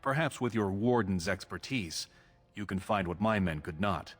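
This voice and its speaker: Male actor as a calculating dwarf prince: low American voice, smooth persuasion, reverberant. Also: lively intonation, faint music behind, natural voice. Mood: persuasive. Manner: measured, persuasive. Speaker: game character. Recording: game audio with long reverb.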